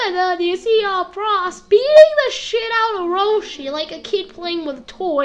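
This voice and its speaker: A woman with a high voice recaps an anime episode in a loose, rambling way. She leans on fillers and hops into snippets of dialogue as she goes. The tone is casual and chatty throughout. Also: expressive. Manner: rambling, full of fillers and quick impressions. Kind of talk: casual video review.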